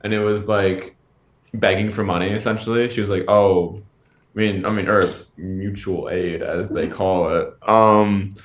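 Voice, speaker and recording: A man co-hosting a podcast, chatting casually in a rambling, halting way full of fillers and restarts. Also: sits low, fairly even intonation. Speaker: podcast co-host. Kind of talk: casual chat. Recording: echoey room.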